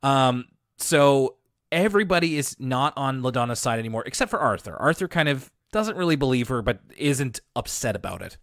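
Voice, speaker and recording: Male podcast co-host, mid-pitch, dry booth sound, relaxed wry recap. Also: normal speed, no echo. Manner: laid-back and wry, with filler words. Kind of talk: casual episode recap.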